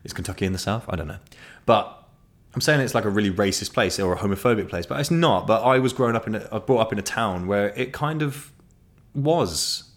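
A young man speaks in a somewhat low voice. He talks in an off-the-cuff monologue, blunt and full of swearing, with restarts and detours as he goes. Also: lively intonation, brisk. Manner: frank, heavy swearing, rambling with restarts. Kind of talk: casual monologue.

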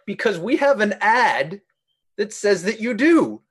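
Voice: mid-range voice, big pitch swings, slow, slightly rough, soft background music. A player in a tabletop horror game who asks dry, wisecracking questions. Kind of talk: in-character tabletop play.

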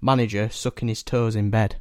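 A man's voice: fairly low pitch, flat delivery, brisk, a little mellow, no room sound, studio quality. A young man co-hosting a podcast, laughing often, incredulous and swearing in casual banter. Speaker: podcast co-host.

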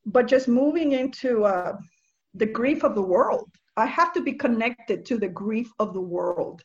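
A woman from Nicaragua giving a personal testimony about faith and empathy, earnest and reflective, often restarting and repeating words. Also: a little high. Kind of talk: personal testimony, casual talk. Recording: dull lo-fi sound.

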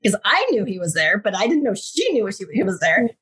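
A woman in her thirties, a guest telling a personal spiritual story in an animated, casual way. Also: mid-range voice, brisk, slightly rough.

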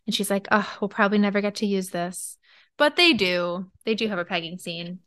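A woman co-hosting a casual book podcast, laid-back and wry as she sums up the plot. Her voice is smooth and resonant, recorded close and dry with no room sound. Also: medium pitch, steady tone, brisk, a bit bright, dry recording. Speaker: podcast co-host.

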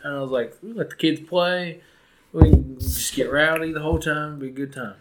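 A man's voice: fairly high pitch, moderate pace, very noisy. Rambling young man, lots of "like". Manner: loose rambling storytelling with many "like"s, laughs often. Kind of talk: casual chat.

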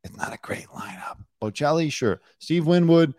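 A man hosting a casual celebrity news podcast, sarcastic and quick to drop into mocking impressions. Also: a little high, expressive, darkish tone, dry recording, studio quality. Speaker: podcast host, former celebrity news producer. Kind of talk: casual chat.

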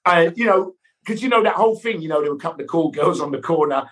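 Animated storytelling man, lively pitch. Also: fast talker. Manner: lively, mimics sounds and voices in anecdotes. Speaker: guest actor.

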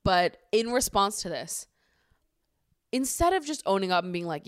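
A woman's voice: lively intonation, normal speed, fairly bright tone, no echo, studio quality. A woman hosting a podcast, recapping a reality show in a chatty, swearing, exasperated way. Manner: chatty, swears freely, rises to exasperated high pitch when ranting. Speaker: podcast host.

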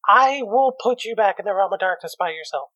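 A man's voice: high-pitched, lively intonation, fairly quick, pushed and bright, no room sound. Guy running a tabletop game, laughs a lot, swears, dry close sound. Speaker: game master.

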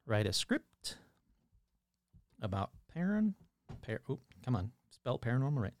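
A man's voice: medium pitch, very animated, a little slow, long pauses. A man hosting a paranormal show, reading AI-written scripts aloud and commenting wryly as he goes. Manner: wry, self-interrupting, amused.

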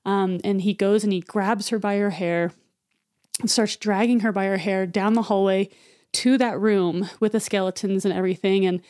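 A woman's voice: medium pitch, fairly even intonation, normal speed, a little mellow, smooth. Woman, podcast co-host, casual retelling, chatty with fillers, clean resonant tone.

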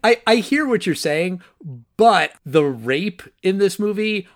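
A man's voice: high-pitched, expressive, slow pace. A man giving blunt opinions in a casual film discussion on a podcast. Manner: blunt, indignant.

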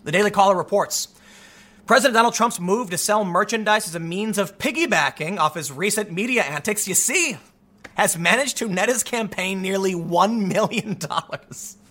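High, lively sarcastic male commentator. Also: normal speed. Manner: animated, sarcastic, mimics people mockingly. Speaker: commentary show host. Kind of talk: opinionated political commentary monologue.

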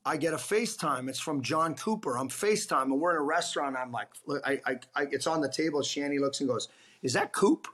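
A man's voice: on the high side, fast, few pauses. A middle-aged man, a former pro hockey player, telling casual, profane anecdotes on a podcast and acting out the people in them. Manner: profane, animated anecdotes with quoted voices.

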